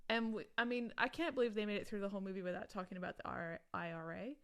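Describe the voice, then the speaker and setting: A woman's voice: mid-range voice, fairly even intonation, fast, fairly bright tone, clear, resonant tone. A woman in casual podcast chat about a film, rambling with many restarts and asides.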